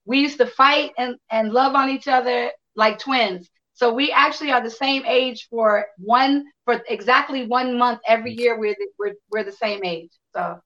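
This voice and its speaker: A woman guest casually telling an animated, profane anecdote, acting out the dialogue as she goes. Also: on the high side, moderate pace, hardly any pauses, highs cut off. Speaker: interview guest. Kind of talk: casual storytelling.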